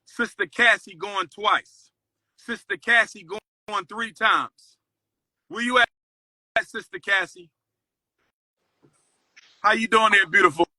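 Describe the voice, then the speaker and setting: A man's voice: high voice, takes it slowly, long pauses, sharp tone, no room sound, clean studio sound. A man hosting a livestream, talking boldly and boastfully in a preaching cadence and repeating his lines for emphasis. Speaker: livestream host. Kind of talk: livestream talk.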